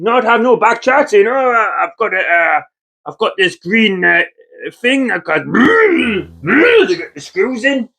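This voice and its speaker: A man's voice: sits high, very animated, measured pace, creaky, sharp tone. A Geordie man from North East England, a builder vlogger giving a jokey, mock-dramatic monologue to camera, teasing and swearing casually.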